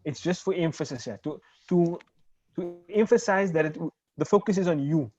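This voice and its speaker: A man's voice: fairly high pitch, normal speed, darkish tone, dry recording. A man teaching an online Arabic class, explaining step by step and checking that his students follow. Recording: dull, lo-fi video call audio.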